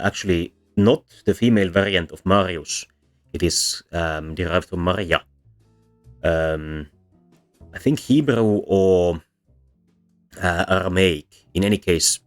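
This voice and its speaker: A man with a very deep voice talks through a lesson, stopping often to correct himself and fill gaps with ums. Faint music plays quietly under his explanation. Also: measured pace. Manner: hesitant, many ums and self-corrections. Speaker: language teacher. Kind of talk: explanatory lecture while drawing.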